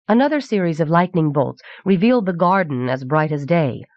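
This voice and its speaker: Woman, audiobook narration, measured, low voice, dry close mic. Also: lively intonation, a little mellow, dry recording. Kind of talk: scripted narration. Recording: dull 1990s cassette audiobook.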